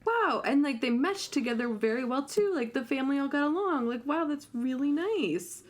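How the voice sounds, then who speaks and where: A woman's voice: high voice, lively intonation, normal speed. A young woman co-hosting a podcast in casual chat, talking freely with lots of fillers. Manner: chatty, many fillers like "like" and "um". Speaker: podcast co-host.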